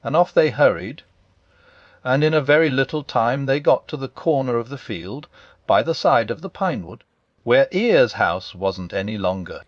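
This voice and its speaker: Male audiobook narrator, lively gentle reading, dry, slightly muffled. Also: mid-range voice, moderate pace, no echo. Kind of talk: bedtime storybook narration.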